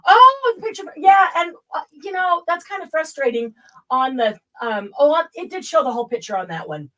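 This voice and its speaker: A woman hosting a casual craft livestream from home, talking over a computer mic. Her voice sits a little high, and she chats warmly and laughs easily while greeting viewers by name. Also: big pitch swings, normal speed, low-quality recording.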